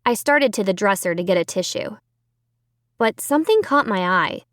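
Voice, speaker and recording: A woman's voice: mid-range voice, animated, normal speed, no room sound, studio quality. A woman narrating a children's horror audiobook in the first person, telling it dramatically and expressively.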